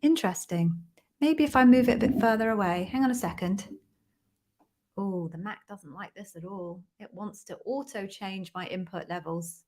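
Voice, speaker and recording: A woman's voice: medium pitch, moderate pace, darkish tone. Woman host, playful and chatty, welcomes viewers by name on a live stream, mid-range voice, computer mic at home. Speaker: host of live Q&A stream, former interview bar raiser. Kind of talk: casual live-stream chat. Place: room at home. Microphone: computer microphone.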